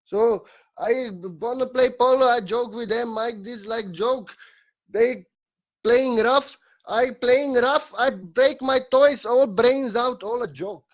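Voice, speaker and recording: A jokey, mock-boastful Indian guru, as a man puts him on, pitched high and bouncing in a put-on Indian English accent. He brags in broken grammar. The sound is dull and muffled. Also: slow, a bit bright, exaggerated voice.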